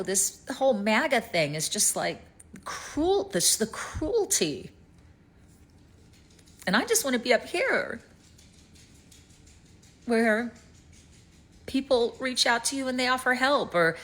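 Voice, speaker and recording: A woman's voice: fairly high pitch, a bit bright. A middle-aged woman from East Tennessee with a Southern accent, rambling in a worried personal vlog and trailing off to near-whispers. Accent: Southern American. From East Tennessee, United States. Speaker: vlogger. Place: rented home in Canada.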